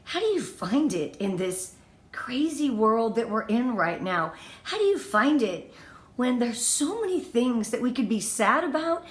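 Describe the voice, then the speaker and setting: Fifties woman, team leader on a livestream, high-ish and gushing, echoey room sound. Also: unhurried. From Southern California. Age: 50s. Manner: bubbly, effusive, emotional and lively. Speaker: team leader giving a live training. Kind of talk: livestream motivational talk.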